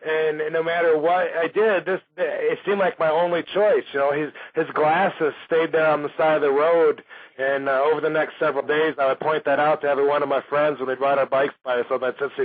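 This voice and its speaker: A man's voice: on the high side, flat delivery, brisk. Profane, rambling man on lo-fi radio. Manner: rambling, profane, laughs through his story. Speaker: radio show host. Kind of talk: casual storytelling on a talk radio show. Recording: phone-like lo-fi radio audio.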